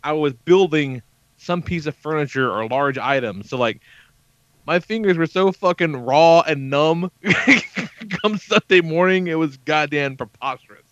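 A man's voice: fairly high pitch, lively intonation, measured pace, no echo. A man in his thirties hosting a podcast, telling a story in casual, profane chat full of quoted dialogue. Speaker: podcast host. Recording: dull lo-fi podcast audio.

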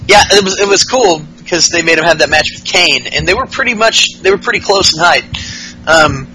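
A male podcast host who rambles through a wrestling recap with plenty of fillers and swearing. His voice is bright and edgy and sits a bit high, with faint noise underneath. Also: a little fast, rough recording. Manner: rambling, profane, with lots of fillers.

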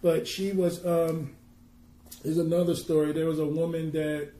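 A man who works as a minister, telling a faith story earnestly and reading scripture slowly and with weight. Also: fairly high pitch, flat delivery, dark tone, echoey room. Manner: tells a story earnestly, then reads scripture slowly and emphatically. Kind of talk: preaching and storytelling on a podcast.

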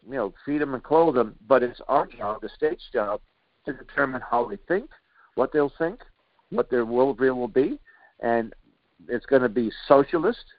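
A man's voice: mid-range voice, dry recording, highs cut off. Indignant rambling male radio host. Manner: indignant, rambling with many fillers and restarts. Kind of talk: political commentary monologue.

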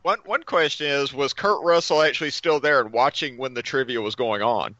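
Bright-voiced joking man, dry dull audio. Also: medium pitch, fairly quick, no room sound. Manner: wisecracking, eager interjections. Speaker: podcast guest. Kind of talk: casual banter.

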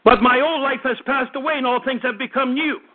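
High-voiced preacher man in his fifties. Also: steady tone, a little fast. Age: 50s. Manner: fervent, repetitive preaching with stammered restarts. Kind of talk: radio sermon. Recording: tinny phone-like radio broadcast.

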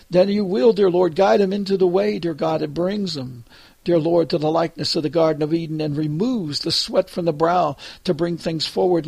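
A man leading a spoken prayer on a call, fervent and halting, repeating "dear Lord" between almost every phrase. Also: high voice, gravelly, darkish tone, husky, no room sound. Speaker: prayer leader.

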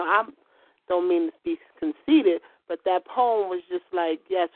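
A woman's voice: on the low side, dry recording. A woman guest on a call-in show, talking casually in a self-assured, emphatic way. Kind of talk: casual chat. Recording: dry tinny phone line.

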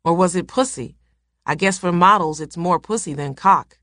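A calm young man speaks low and quiet, blunt and unhurried. A woman reads him in her own low voice. The recording is dry and close. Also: no echo, close to an everyday voice.

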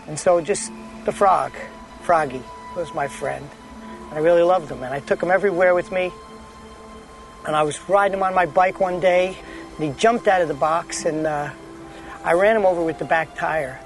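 An actor playing a lonely, fast-talking middle-aged man in a film scene, hesitant and confiding as he tells a rambling story. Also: a little high, natural voice, rough recording. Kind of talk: film dialogue.

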